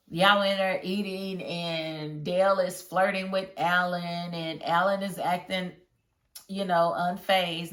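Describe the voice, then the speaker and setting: A woman casually reviewing a TV episode, chatty and animated, often breaking into laughter as she retells scenes. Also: fairly low pitch, far from the mic. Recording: roomy echo.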